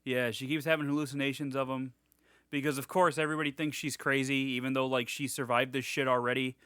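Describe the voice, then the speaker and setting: A man's voice: mid-range voice, flat delivery, fast, sharp tone, clean tone, no echo, studio quality. A young man co-hosting a podcast in casual chat, rambling with lots of restarts and swearing. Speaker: podcast co-host.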